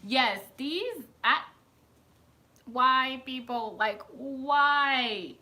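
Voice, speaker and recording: A woman with a bright, lively voice pitched a little high, chatting loosely to her live stream viewers from home. She, calls viewers by name and laughs easily. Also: a little slow. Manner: chatty, laughs often, talks to chat by name. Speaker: live stream host reading viewer comments. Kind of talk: casual live stream chat.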